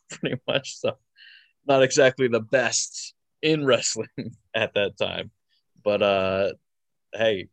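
A young man with a lowish voice talks through his answers casually, stopping often on fillers and chuckling now and then. The sound is dry and close, with no room around it. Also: no echo. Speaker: wrestler guest.

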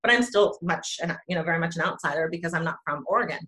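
A woman's voice: on the low side, quick pace, a bit bright. Chatty woman from North Dakota. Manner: chatty, self-deprecating, many fillers. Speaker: guest. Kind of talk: casual chat.

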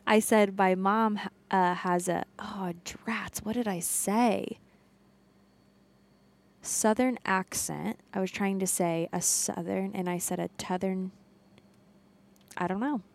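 A woman's voice: medium pitch, fairly even intonation, slow, vocal fry, pauses often. A woman co-hosting a casual podcast from a parked car on a headset, answering in a dry, matter-of-fact way. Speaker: podcast co-host. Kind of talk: casual chat.

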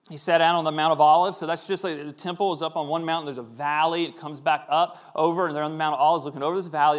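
A middle-aged man gives a sermon as though chatting with the congregation. His voice sits a bit higher than most men's, and he slips into other people's voices when he quotes them. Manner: conversational, acts out voices in quotes. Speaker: pastor.

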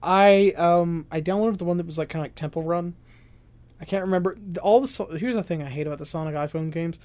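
A young man hosts a casual gaming podcast, jokey and quick to get excited. His voice sits a touch high, and he rattles through news items in a loose, chatty way. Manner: joking, excitable, reads news items aloud. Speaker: podcast host.

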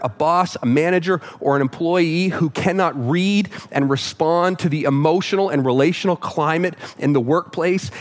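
A man preaching a sermon to a church congregation, conversational and joking with the crowd. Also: on the high side. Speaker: pastor. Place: church auditorium with live audience.

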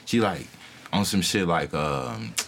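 A man with a low-pitched voice tells a story on a casual podcast. His telling is profane and animated, full of acted-out quotes, with a faint noise under the recording. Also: slow pace. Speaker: podcast co-host.

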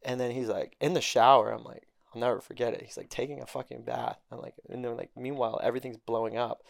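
A man's voice: medium pitch, quick pace, gravelly, no room sound, studio quality. A young man telling a story in casual talk, swearing a lot and acting out the voices of the people he quotes. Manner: profane, animated, acts out quoted dialogue. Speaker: podcast guest.

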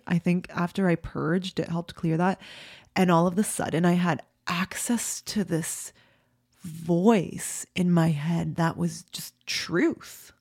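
Woman vlogging, warm low-ish voice, talks candid and emotional with lots of likes and ums, kinda teary, dry close sound. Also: dry recording. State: tearful at times. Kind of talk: personal storytelling to camera.

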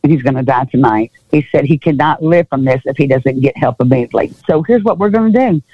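A woman's voice: extremely low pitch, quick pace, no echo. Southern woman telling a story, lo-fi. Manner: earnest, acts out dialogue, repeats herself. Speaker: interview guest. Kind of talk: personal storytelling in an interview.

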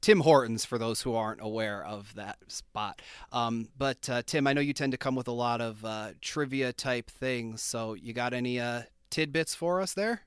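A man's voice: mid-range voice, moderate pace, smooth, no echo, studio quality. A man hosting a casual podcast discussion, thoughtful and full of fillers as he talks things through. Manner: thoughtful, many fillers and hedges. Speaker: podcast host.

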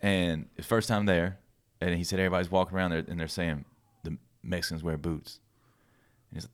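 Male podcast host, low voice, joking and loose, casual chat. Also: steady tone, a little fast.

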